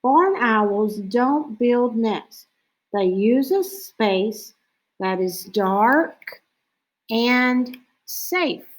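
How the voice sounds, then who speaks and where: Slow, clear woman reading aloud. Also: fairly high pitch, animated, poor audio. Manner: slow, clear reading with owl-call imitations. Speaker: teacher reading to children. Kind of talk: read-aloud picture book lesson.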